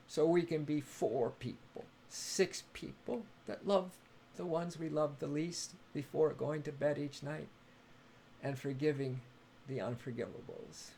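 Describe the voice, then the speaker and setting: Man, high-pitched and creaky, gushing spiritual stream host who laughs a lot. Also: moderate pace. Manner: effusive and affectionate, chatty, laughs often; greets and thanks viewers by name. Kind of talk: live-streamed spiritual talk.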